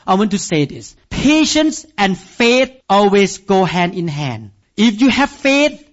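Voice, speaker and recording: A male preacher with a high voice delivers a sermon in an emphatic, repeating style and calls on the listeners to respond. The recording is dull and lo-fi. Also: sing-song, slow pace.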